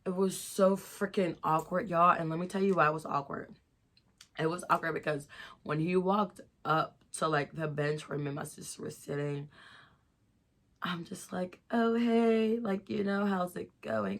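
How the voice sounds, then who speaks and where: A woman's voice: low voice, fairly bright tone. A young woman telling a story to her viewers in a chatty, giggly way, a little tipsy and stuffy-nosed. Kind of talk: casual storytime vlog.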